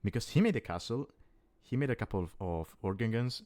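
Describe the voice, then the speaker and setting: Low-voiced caster. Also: male voice, lively intonation, brisk, darkish tone. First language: Italian. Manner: thinking aloud, restarting words mid-phrase. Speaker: esports caster. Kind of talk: live strategy game commentary.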